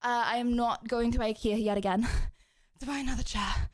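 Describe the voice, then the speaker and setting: A young adult woman streamer chatting with her viewers in her home kitchen, excitable and joking, out of breath from standing and kicking. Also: fairly high pitch, moderate pace. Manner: bubbly, excitable, joking with chat. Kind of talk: casual live-stream chat. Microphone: streaming mic, wearing headphones.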